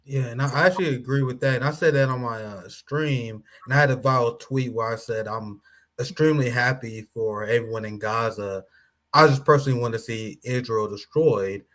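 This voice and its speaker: Guy chatting on a podcast panel, casual, kinda halting. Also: mid-range voice, fairly bright tone. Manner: conversational, with frequent fillers and restarts.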